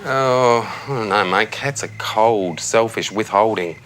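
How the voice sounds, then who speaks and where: A man's voice: fairly low pitch, a little slow, a bit bright, a little hiss or hum. An actor with an Australian accent playing a tactless middle-aged suburban dad who tucks his son into bed, chatting in a breezy, chummy way and calling him mate. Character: blithely tactless suburban dad, cheerful and careless. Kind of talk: TV sketch comedy acting. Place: child's bedroom at night, a TV set.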